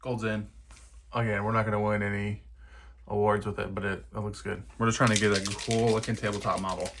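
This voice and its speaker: A man's voice: on the low side, little pitch movement, a little fast, background noise. A young man chatting casually while he paints a miniature at his desk, thinking aloud and poking fun at himself. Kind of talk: casual narration over a painting session.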